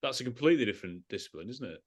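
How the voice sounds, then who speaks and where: A man's voice: mid-range voice, expressive, rapid-fire. A man hosting a podcast interview, asking eager questions and laughing along. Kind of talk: casual interview.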